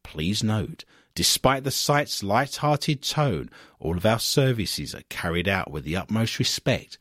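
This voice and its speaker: A man's voice: fairly low pitch, a little slow, dry recording, studio quality. A male radio host in playful, jokey banter with his co-hosts. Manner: jokey and animated, breaks into silly bits.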